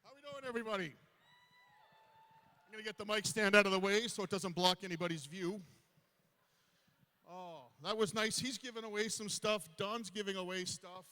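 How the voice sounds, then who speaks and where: Fifties stand-up comic, self-deprecating, slightly high voice, live on a reverberant stage. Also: male voice, moderate pace, pauses often, pushed and bright. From Canada. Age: 50s. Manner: self-deprecating storytelling to a crowd. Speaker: stand-up comedian. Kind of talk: stand-up comedy set. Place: large hall on stage.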